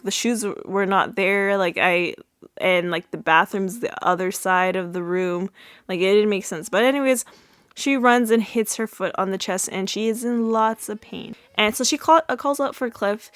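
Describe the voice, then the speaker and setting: A woman's voice: mid-range voice, a bit bright, no echo. A young woman podcast host recapping a sitcom episode in a chatty way, full of fillers and restarts. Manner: chatty, many fillers and restarts, laughs at own retelling.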